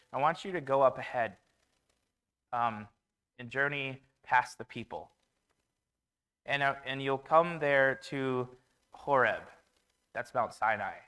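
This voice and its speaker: A man's voice: mid-range voice, sharp tone, clean tone. A man preaching a conversational sermon in a church, with fillers and restarts.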